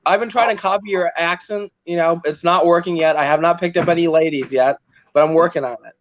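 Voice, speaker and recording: A man's voice: on the high side, steady tone, fairly quick, muffled recording, slight background noise. A man hosting a casual chat while building a set, joking and rambling with self-mocking humor.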